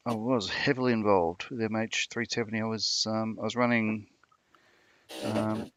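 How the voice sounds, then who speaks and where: A middle-aged man, chatting on a video call as a panel guest, pausing often with ums and you-knows. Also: fairly low pitch, fairly even intonation, a bit bright, dry recording. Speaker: panel guest, military veteran. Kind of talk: casual chat on a livestream.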